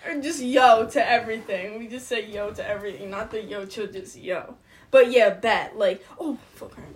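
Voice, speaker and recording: 18 yo girl chatting w her friend, kinda high voice, slangy, mumbles words together, laughs a lot. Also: normal speed, a crowd in the background. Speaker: podcast co-host. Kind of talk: casual chat.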